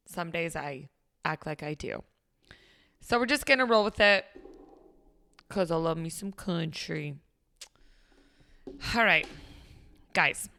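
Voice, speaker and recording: A young woman hosts her own motivational podcast, excitable and bubbly, full of pep talk and playful tangents. Her voice is bright and forward, and her pitch sits in the middle for a woman. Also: dry recording, clean studio sound. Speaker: podcast host. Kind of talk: upbeat motivational podcast chat.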